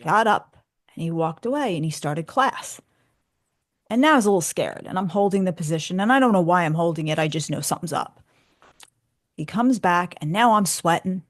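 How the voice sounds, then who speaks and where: Low-voiced woman telling a lively story. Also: a little fast. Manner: animated, acts out dialogue. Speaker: author, radio guest. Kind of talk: casual storytelling. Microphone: studio microphone.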